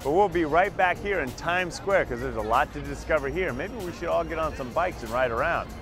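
Male TV host, enthusiastic, friendly, slightly high voice, city street, clear music behind. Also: expressive, fairly quick, fairly bright tone. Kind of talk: upbeat TV talk show hosting.

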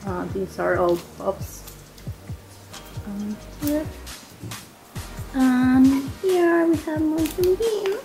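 A young woman from Argentina, casually chatting through an unboxing as a gushing, excitable fan who giggles and says "um" often. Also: sits high, drawn-out words, pauses often, low-quality recording. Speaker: vlogger. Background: faint background music.

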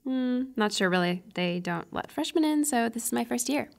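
A woman's voice: on the high side, expressive, moderate pace, vocal fry. Casting: playful young college woman, teasing and easygoing, game voice. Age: young adult.

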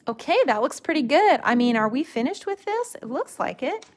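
A middle-aged woman teaching a watercolor stamping technique in a live craft demonstration, talking in a relaxed, gently instructive way and often restarting her sentences. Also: high voice, a little fast.

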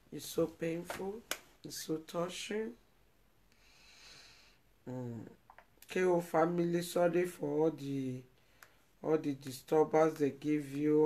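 A Nigerian woman with a deep, slightly mellow voice hosts a live video. She offers emotional live-stream commentary, pleading and repeating herself.

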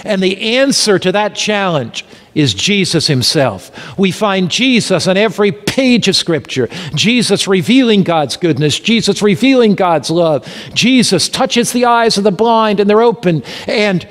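A man preaching an evangelistic sermon, emphatic and full of rhetorical questions, dropping to a hush and then rising again. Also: sits high, lively intonation, measured pace. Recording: reverberant hall.

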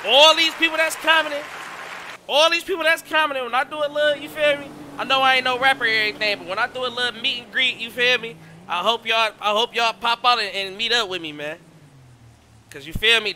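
A man with a very high voice streams live, chatting casually and excitedly while shouting out his viewers in heavy slang. There's slight background noise.

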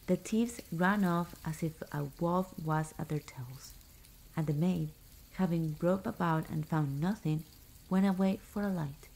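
A woman reading a fairy tale aloud as a whispered ASMR bedtime story, soft and hushed. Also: on the low side, unhurried, low-quality recording.

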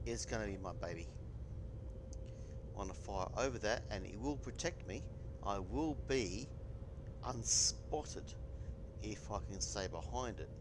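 Male gamer, low and unhurried, casual commentary, game noise underneath. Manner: casual, chatty, with bursts of excitement. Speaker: gaming channel host. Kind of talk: gameplay commentary.

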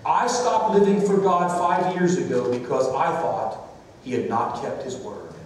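A woman's voice: low voice, a little slow, a little mellow, slight background noise. A man voicing a grieving widow in her fifties, retelling her words within a story. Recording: echoey church hall, distant mic.

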